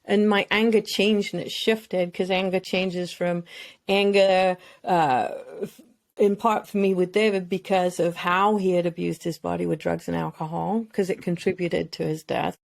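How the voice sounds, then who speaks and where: Woman talking openly on a podcast, gets emotional, bit of fry in her voice, very dry room. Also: fairly low pitch, little pitch movement, normal speed, no room sound. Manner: earnest, emotional, speaks in long flowing runs. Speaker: mental health expert guest. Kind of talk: candid podcast conversation.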